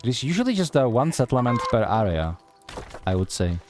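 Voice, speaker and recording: A man's voice: medium pitch, big pitch swings, normal speed. Mocking male streamer over game music. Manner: mocking, laughs often, swears. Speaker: vtuber streamer. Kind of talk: casual gameplay commentary.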